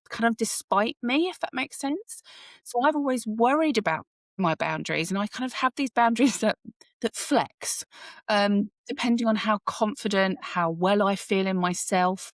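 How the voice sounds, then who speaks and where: A woman hosting a podcast, talking reflectively with halting pauses. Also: mid-range voice, no echo, studio quality. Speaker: podcast host. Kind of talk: casual chat.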